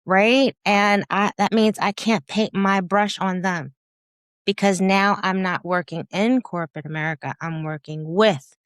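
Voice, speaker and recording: A woman in her fifties, a guest in a candid interview, telling her story in an animated way and acting out her own past thoughts with laughter. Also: mid-range voice, measured pace, clean tone, dry recording, clean studio sound. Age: 50s. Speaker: podcast guest, business founder.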